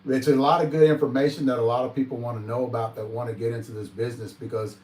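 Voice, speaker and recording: A man's voice: medium pitch, fairly even intonation, fast, a little mellow. A man hosting a podcast in casual chat, emphatic and repeating his points for stress. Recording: roomy, off-mic sound.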